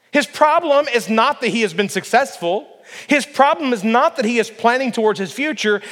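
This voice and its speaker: High-voiced man preaching in a reverberant hall. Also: fairly bright tone. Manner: emphatic, addresses congregation with rhetorical questions. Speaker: pastor. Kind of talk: sermon. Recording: long reverb of a large hall.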